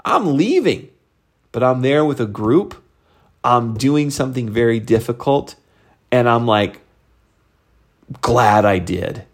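Animated middle-aged man coaching his team. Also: takes it slowly, pauses often. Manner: animated, conversational, jumps high for emphasis. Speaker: sales team leader and coach. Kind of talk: motivational vlog talk.

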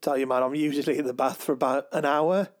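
A man co-hosting a podcast in casual chat, talking slowly with many ums and restarts. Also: medium pitch. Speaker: podcast co-host.

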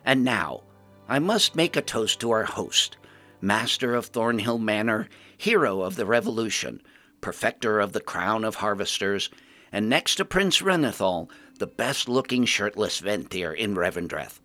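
A man's voice: on the low side, sing-song, unhurried, sharp tone, soft background music, heavily acted. A man doing a cheeky gnome engineer woman. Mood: toasting. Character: clever female gnome engineer, small and cheeky.

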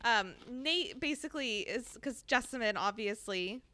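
A woman's voice: fairly high pitch, animated, unhurried, pushed and bright. A woman co-hosting a casual podcast, recapping a book in a chatty, sarcastic way with some swearing. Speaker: podcast co-host.

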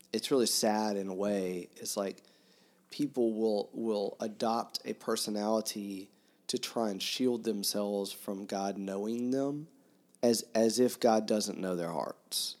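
A man talks through a novel in a relaxed, thoughtful way. His voice sits low, and he reads quoted passages with dramatic emphasis. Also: takes it slowly. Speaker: book discussion co-host. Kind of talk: casual chat, reading aloud from a novel.

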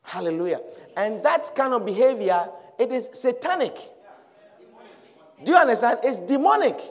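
A man's voice: very high-pitched, animated, moderate pace. A male pastor preaching a sermon emphatically, repeating phrases and asking listeners if they understand. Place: church hall. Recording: long hall reverb.

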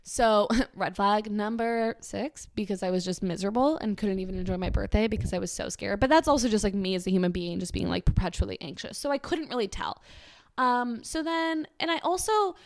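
A woman's voice: animated, fairly quick, no echo, clean studio sound. Chatty young woman rambling a storytime. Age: 20s. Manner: chatty, rambling, filler-heavy with sudden high-pitched quoted voices. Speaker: vlogger telling a personal story. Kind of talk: casual storytime.

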